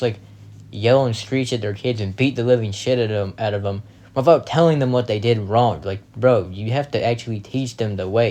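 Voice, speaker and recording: A young man reacting to clips in a casual, rambling commentary. He is blunt, swears constantly and sounds indignant, with a mellow, darker tone at an ordinary pitch.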